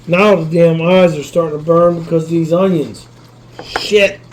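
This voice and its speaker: A man's voice: on the high side, steady tone, measured pace, darkish tone, slight background noise, poor audio. A man hosting a casual cooking vlog from his kitchen, rambling, swearing casually and talking straight to his viewers while he cooks. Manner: rambling, swears casually, keeps asking "you know what I mean". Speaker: cooking channel host.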